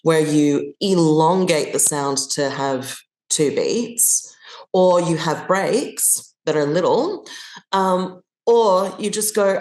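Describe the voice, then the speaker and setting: A woman from Australia with a low voice talks as a podcast guest, recorded in a roomy, echoey space. She thinks aloud, restarts her phrases and slips into little acted-out examples. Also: expressive, slow pace, a little mellow. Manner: thoughtful, restarts often, acts out examples. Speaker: guest actor. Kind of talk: conversational podcast interview.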